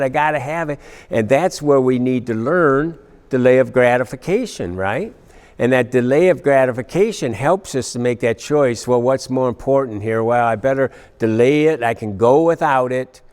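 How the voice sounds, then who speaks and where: A man's voice: mid-range voice, darkish tone. A man giving a teaching sermon in a conversational way, often checking in with "right?" and acting out everyday cravings in quoted voices. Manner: conversational, with frequent fillers and repeated "right?". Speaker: pastor.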